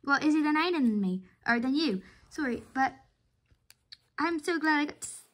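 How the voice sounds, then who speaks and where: A woman's voice: sits high, lively intonation, normal speed. A woman doing casual role-play dialogue, voicing every character herself and switching between voices in a chatty way.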